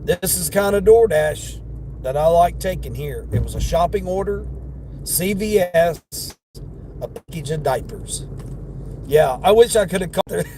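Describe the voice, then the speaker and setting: Chatty high-voiced man in a noisy car. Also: lively intonation, normal speed, mellow. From Midwestern United States. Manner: chatty, laughs often, greets viewers by name. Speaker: delivery driver livestreaming. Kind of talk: casual live-stream chat while driving. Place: inside a car on the road. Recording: road and car noise behind.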